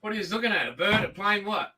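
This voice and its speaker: Bright high-voiced Australian host. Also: male voice, expressive, quick pace. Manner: joking, playful banter. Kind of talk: casual live video chat.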